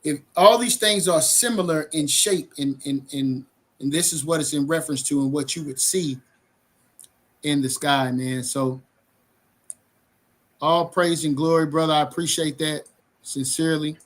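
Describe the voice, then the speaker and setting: A man's voice: on the high side, moderate pace. A man co-hosting a livestream bible study, talking casually and animatedly with many fillers.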